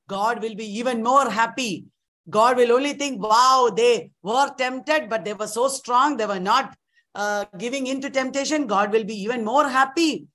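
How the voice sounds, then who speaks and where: A proud young queen of creation, defiant and sure of herself, as a woman puts her on. Her voice sits high, and she speaks with bright, confident lift. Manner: defiant, self-assured.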